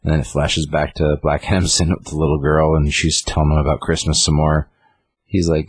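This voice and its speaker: A man's voice: extremely low pitch, flat delivery, fast, slightly rough, no room sound. A man casually retelling a comic book story on a podcast, rambling with lots of fillers. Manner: rambling, lots of fillers, reads out character lines.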